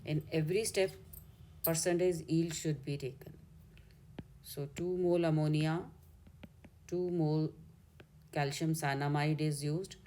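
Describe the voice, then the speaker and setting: Low-voiced Indian woman teaching chemistry. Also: fairly even intonation, a little slow, pauses often, dark tone. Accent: Indian English. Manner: step-by-step explaining, corrects herself mid-way. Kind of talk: exam solution walkthrough.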